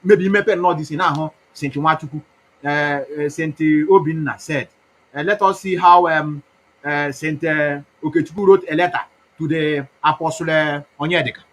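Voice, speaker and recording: A man with an Igbo Nigerian accent talks on and off in a rambling campaign monologue, preachy and mocking. His voice is husky and a bit raised in pitch, with a bright, sharp edge. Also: fairly even intonation, normal speed, low-quality recording. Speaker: activist campaigner.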